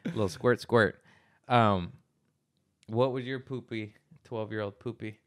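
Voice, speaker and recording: A man's voice: lowish voice, steady tone, measured pace, fairly bright tone. A man hosting a podcast, chatting casually and joking, laughing often. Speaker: podcast host. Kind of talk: casual chat.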